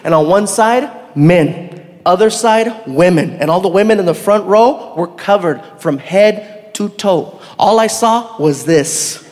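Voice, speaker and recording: A man performs stand-up comedy with a high voice, telling his story in an animated way. He laughs often and slips into other voices. Long hall reverb trails every line. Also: unhurried.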